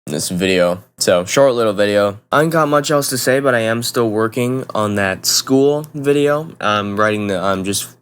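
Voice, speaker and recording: Low-voiced blunt young man vlogging. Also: normal speed, hardly any pauses, smooth. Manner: blunt, profane, rambling with restarts. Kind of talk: casual monologue to camera.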